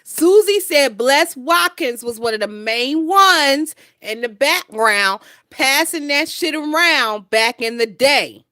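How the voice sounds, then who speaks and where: A woman's voice: high-pitched, animated, takes it slowly, few pauses, pushed and bright, no echo, clean studio sound. A woman in her twenties hosting a casual gossip livestream, brash and profane, reading out viewer comments and laughing often. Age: 20s. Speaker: gossip channel host.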